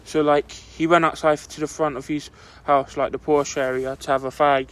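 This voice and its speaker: A man's voice: a little high, level tone, normal speed. Young man rambling through a story. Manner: rambling, full of "like" fillers. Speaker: podcast co-host telling a story. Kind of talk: casual storytelling chat.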